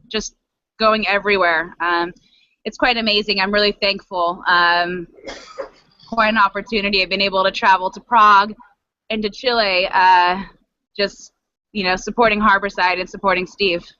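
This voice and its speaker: A woman's voice: mid-range voice, fairly even intonation, moderate pace, pushed and bright, dry recording. A woman guest answering casual interview questions, upbeat and full of ums, with small laughs between phrases. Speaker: guest, assistant to a cannabis advocate. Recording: dry lo-fi call audio.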